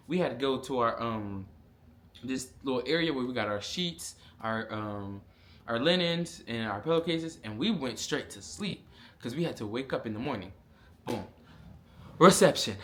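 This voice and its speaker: A young man, telling a casual storytime vlog with lots of fillers and animated asides. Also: medium pitch, slight background noise. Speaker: vlogger.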